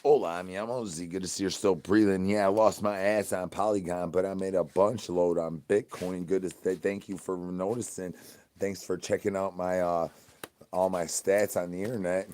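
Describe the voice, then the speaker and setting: A man's voice: low-pitched, fairly even intonation, normal speed, a little mellow. A man streaming, talking in crude rambling nonsense with slangy asks to chat and sing-song chanted catchphrases. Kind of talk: rambling comic livestream talk.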